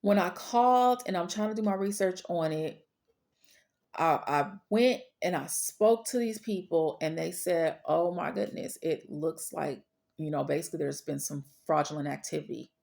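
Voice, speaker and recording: A woman's voice: on the low side, moderate pace, vocal fry, a little mellow. A woman sharing a personal faith testimony in an earnest, storytelling way, repeating phrases for weight. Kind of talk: personal testimony, casual preaching.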